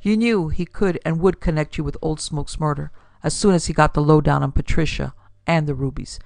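A woman voicing a calm, amiable male detective who lays out his accusations in a casual, even tone. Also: sits low, brisk, vocal fry, no echo. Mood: calmly accusing.

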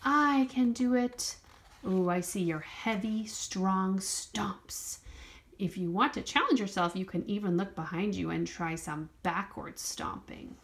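A woman's voice: mid-range voice, measured pace. A woman leading a children's movement lesson, reading a picture book aloud in a sing-song voice and cheering the dancers on. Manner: lively sing-song storybook reading, encouraging prompts. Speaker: dance teacher.

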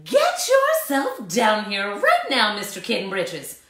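A woman's voice: medium pitch, wildly swooping pitch, slow pace, a bit bright, voice pushed up, exaggerated voice. A woman voicing a stern mother cat who is bossy and scolding. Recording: echoey room.

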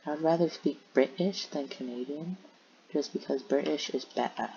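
This commentator's voice is gravelly, husky and mellow, at medium pitch and normal speed, rambling and muttering while browsing game servers. Recorded on a home headset or desk mic, the sound is dull and lo-fi with a faint hiss.

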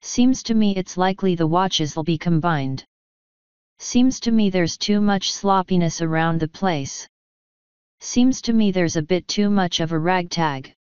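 A woman's voice: fairly low pitch, measured pace, a little mellow, clear, resonant tone, no echo, lightly acted. A woman doing a pompous bully captain. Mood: blustering. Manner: sneering, repetitive bluster. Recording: dull lo-fi audio.

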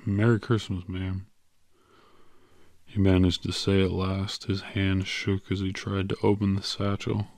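A man narrating an audiobook in a measured, even way. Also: low-pitched, vocal fry, dry recording, studio quality. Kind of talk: scripted narration.

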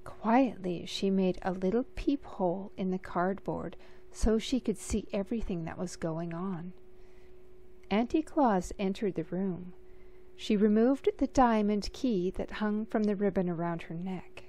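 A woman reading a picture book aloud in a gentle, measured storytelling manner. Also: medium pitch. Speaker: storybook reader.

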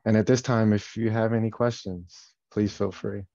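A man's voice: fairly low pitch, steady tone, moderate pace, dark tone, no echo, dull audio. A man presenting at a community event who says he is moved by the video and thanks the audience. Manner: emotional, grateful. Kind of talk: public talk.

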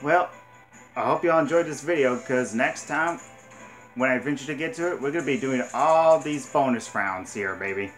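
A man commentating his arcade hunting game, excitable, cursing and yelling at the game. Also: mid-range voice, moderate pace, soft background music. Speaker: gaming channel host. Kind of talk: let's play commentary.

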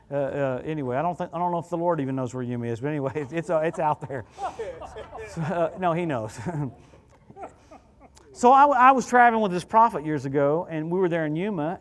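A man preaching as a guest at a church service, telling stories in an animated, chatty way with quick asides to the congregation. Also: a little high. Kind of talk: storytelling sermon.

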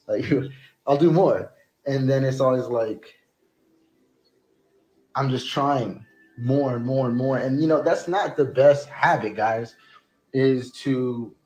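Man ranting in an echoey room. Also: mid-range voice. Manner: rambling, slips into shouted outbursts. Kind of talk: emotional confessional rant. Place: home, near a shower.

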